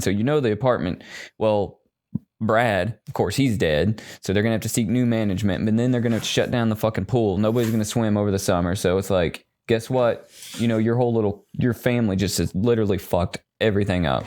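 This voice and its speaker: Low-voiced, profane male podcast co-host. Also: brisk. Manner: profane, animated retelling with voices. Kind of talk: casual chat.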